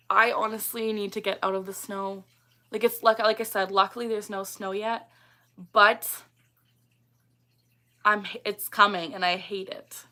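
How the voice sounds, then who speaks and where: A woman's voice: mid-range voice, fairly even intonation, unhurried, long pauses, bright, forceful tone. A woman, hosting a casual livestream and chatting as she reads out and answers viewer comments. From Canada. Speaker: livestream host.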